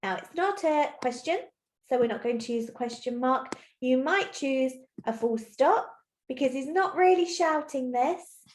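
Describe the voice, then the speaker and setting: A woman teacher giving a recorded lesson to young children, explaining clearly and patiently step by step. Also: high-pitched, lively intonation, measured pace. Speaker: primary school teacher. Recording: roomy echo.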